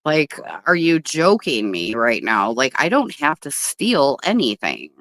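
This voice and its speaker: A woman's voice: deep voice, very animated, measured pace, few pauses, a bit bright, no echo. Woman on a livestream chatting outside, blunt and sweary, voice bouncing all over, dry sound. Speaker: livestream host. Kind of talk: casual livestream chat. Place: outdoors at a table.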